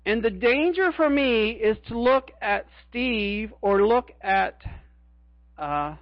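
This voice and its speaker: A man's voice: sits high, animated, slow, dry recording, highs cut off. A middle-aged man preaching a sermon as a pastor, earnest and emphatic, repeating his key phrases.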